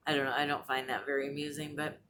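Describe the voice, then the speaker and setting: Low-voiced woman chatting in a vlog. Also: a bit bright, a little hiss or hum. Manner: rambling, chatty, with frequent fillers and restarts. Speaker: vlogger. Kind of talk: casual chat. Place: apartment.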